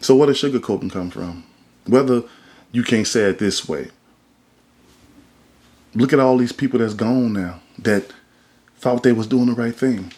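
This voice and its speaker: A man at mid pitch holds forth on a podcast in a loose, colloquial monologue. He talks like a preacher, pressing his points with emphasis while keeping the tone of everyday speech. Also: moderate pace, long pauses, a little mellow. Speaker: podcast host.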